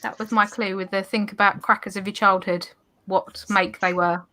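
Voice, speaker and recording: A woman hosting a casual party quiz, reading each question slowly and carefully and laughing at her own slips. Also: medium pitch, little pitch movement, sharp tone. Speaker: quiz host.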